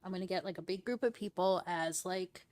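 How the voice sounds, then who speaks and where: A woman's voice: fairly low pitch, a little fast, darkish tone. A woman hosting a casual stream chat, talking in a rambling way with lots of "like" and "um". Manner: chatty, rambling, heavy use of "like" and "um". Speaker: streamer host.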